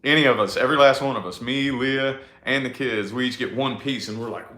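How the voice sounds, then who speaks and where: A man, chatting casually and profanely to a live audience with a rambling, drawn-out delivery. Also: mid-range voice, pushed and bright. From New Albany, Indiana, USA. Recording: echoey room.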